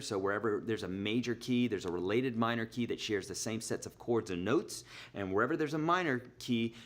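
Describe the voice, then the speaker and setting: Casting: middle-aged male guitar teacher, mid-pitched voice, chatty, explains patiently with homely examples. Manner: chatty, explains with everyday examples, counts beats aloud. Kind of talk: live online guitar lesson. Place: Nashville.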